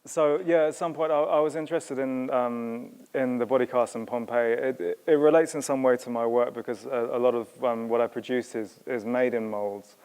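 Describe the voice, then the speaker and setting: Halting man, smooth voice, echoing hall. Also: mid-range voice, fairly even intonation, a little mellow. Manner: halting, many ums and restarts. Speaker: sculptor discussing his exhibition. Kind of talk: hesitant conversational talk. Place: museum auditorium. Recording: long hall reverb.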